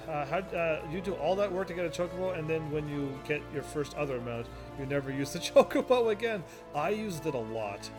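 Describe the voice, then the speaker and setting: A man casually commentating while he plays a game, rambling and quick to laugh at it, with game music behind him. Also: on the high side. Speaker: gaming video host. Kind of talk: casual let's-play commentary.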